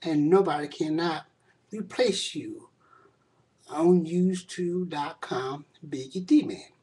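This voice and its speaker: A man speaks in an unhurried, drawn-out way as he records a casual video reply into his webcam microphone. He repeats his praise again and again and keeps ending lines with "man," which gives the message a loose, rambling feel. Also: fairly high pitch, a little mellow. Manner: effusive, repetitive praise, often ending phrases with "man". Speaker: video blogger.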